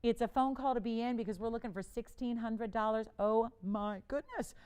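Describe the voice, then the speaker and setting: A woman's voice: a little high, steady tone, moderate pace, darkish tone, smooth. Chatty woman hosting live jewelry auction. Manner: chatty, playful, laughs often, urges bidders. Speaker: TV shopping host. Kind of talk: live shopping auction pitch. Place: TV studio.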